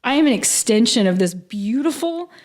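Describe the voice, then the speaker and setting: A woman's voice: a little high, lively intonation, moderate pace, a little mellow. Earnest woman sharing a personal story. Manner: earnest and emotional, heavy use of "like". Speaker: podcast guest. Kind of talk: casual interview storytelling.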